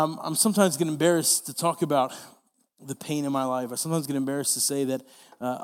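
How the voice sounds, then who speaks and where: A man's voice: fairly high pitch, big-room sound. A young man preaching a sermon, earnest and repetitive, often restarting his phrases. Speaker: pastor.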